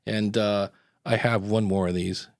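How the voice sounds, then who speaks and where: A man's voice: on the low side, steady tone, unhurried, gravelly, music in the background. A man hosting a live podcast in casual chat, rambling into tangents with lots of fillers. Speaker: podcast host.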